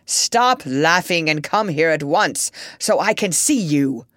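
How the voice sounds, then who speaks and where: A woman's voice: low-pitched, animated, measured pace, no echo, clean studio sound. Woman doing a stern proud king. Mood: indignant. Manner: stern and commanding.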